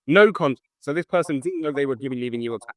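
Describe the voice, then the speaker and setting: A man's voice: mid-range voice, very fast, a bit bright, no echo. A man hosting a podcast, asking loose, rambling questions and often restarting his sentences. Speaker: podcast host. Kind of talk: casual chat.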